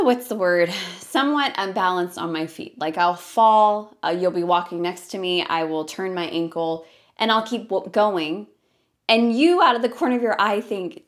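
A woman in her thirties hosting her own podcast, talking earnestly and thinking aloud with lots of fillers. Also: mid-range voice. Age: 30s. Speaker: podcast host. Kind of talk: reflective solo podcast talk.

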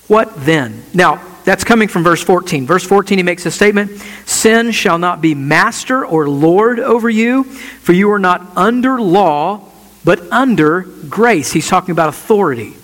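A man preaching a sermon as pastor, reading scripture with emphasis and closing in a quiet prayer. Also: sits high. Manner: earnest preaching, slowing and dropping soft in prayer. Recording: long church reverb.

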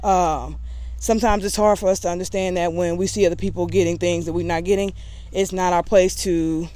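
A woman's voice: mid-range voice, dark tone, no room sound. A woman vlogger in casual talk to camera, candid and rambling with a sassy edge.

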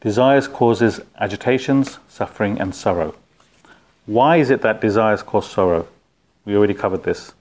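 A man with a lowish voice leads a relaxed philosophy class. He talks conversationally and keeps putting questions to his students. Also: normal speed. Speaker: spiritual teacher. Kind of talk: informal philosophy class talk.

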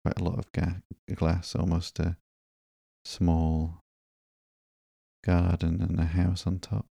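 A man hosting a podcast, reading a comic book aloud slowly and softly in a sleepy, monotone narration. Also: sits low, vocal fry, slightly rough, dry recording, clean studio sound. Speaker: podcast host.

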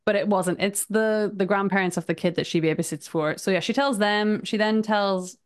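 A woman's voice: mid-range voice, normal speed. A woman co-hosting a casual movie review podcast, easygoing and wry, laughing often. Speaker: podcast co-host.

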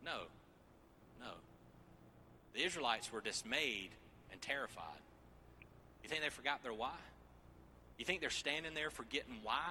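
A man preaching a sermon with jokes, swinging from loud, energetic Bible reading to near whispers, on a handheld microphone. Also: mid-range voice, slight background noise. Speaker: pastor. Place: church sanctuary.

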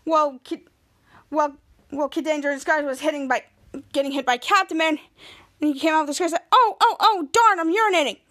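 Female podcast host with a high voice, chatty scene-by-scene TV recap. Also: fairly even intonation, brisk, long pauses, fairly bright tone. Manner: retells scenes line by line, quoting the characters. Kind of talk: casual TV episode recap.

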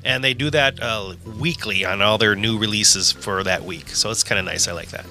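A man's voice: lowish voice, normal speed, pushed and bright, faint music behind. A man chatting on a casual podcast, laid-back and chuckling. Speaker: podcast co-host.

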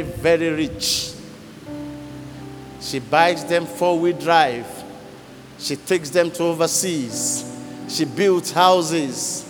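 A man preaching a sermon as a deliverance minister, telling a story dramatically and swinging from low murmurs to forceful cries. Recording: echoey hall with faint music.

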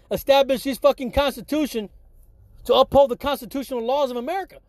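A man's voice: very high voice, fast, a little mellow, no room sound. A middle-aged man, a former radiology technician, talking in a profane, heated, rambling monologue full of restarts.

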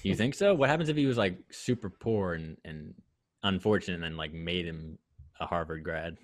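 A young man chatting casually as a podcast co-host, his voice sitting on the low side. He rambles, stops and restarts his sentences, and circles back to his points. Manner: rambling, halting with many restarts. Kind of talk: casual chat.

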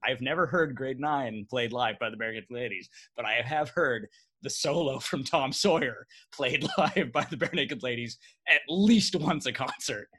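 A man from Canada co-hosting a casual chat, telling animated stories and laughing often. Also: medium pitch, normal speed, breathy edge. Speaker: podcast co-host.

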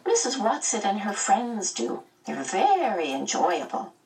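A woman's voice: medium pitch, wildly swooping pitch, a little slow, a little mellow, distant mic, slight background noise, pitched above the performer's own voice, poor audio. A woman voicing a precocious small boy who talks in an earnest, matter-of-fact way.

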